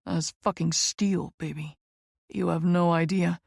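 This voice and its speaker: Woman voicing a low, gravelly commanding male lover. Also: fairly even intonation, a little slow, darkish tone, no echo, clean studio sound, exaggerated voice. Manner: low, dominant and teasing.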